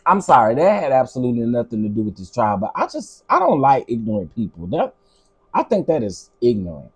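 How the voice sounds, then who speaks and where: Husky, lively-voiced middle-aged man ranting. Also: medium pitch, a little fast. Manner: exasperated, ranting, talks back to chat. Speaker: livestream commentary host. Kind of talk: casual live commentary.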